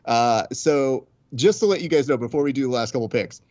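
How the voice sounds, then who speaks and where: A man's voice: mid-range voice, brisk, darkish tone. A man hosting a casual podcast chat, joking while steering the talk. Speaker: podcast host. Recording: dry, muffled lo-fi audio.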